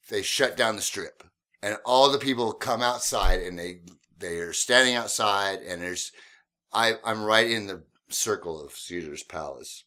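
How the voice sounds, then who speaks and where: A man who drives a cab, hosting a podcast and telling taxi stories in a casual, animated way, often laughing. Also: fairly low pitch. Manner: animated, laughing, swearing storyteller.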